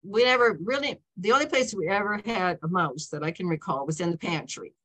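A woman's voice: fairly low pitch, a little fast, sharp tone. A woman in her seventies, an author telling stories in a casual talk, rambling and breaking in on herself with frequent "okay?" and "you know" check-ins. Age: 70s.

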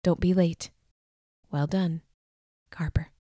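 A smug young gang leader issues a curt, commanding invitation, as a woman narrator reads his note in a slightly lowered voice. The audiobook sound is close and dry. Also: steady tone, slow, mellow, no room sound.

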